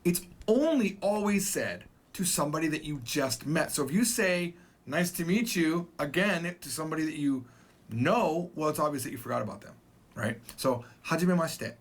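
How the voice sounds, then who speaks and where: A man teaching a recorded Japanese lesson, his voice sitting a little high. He explains slowly, repeats each key phrase, and slips into casual, rambling asides. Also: lively intonation. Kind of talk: recorded video language lesson.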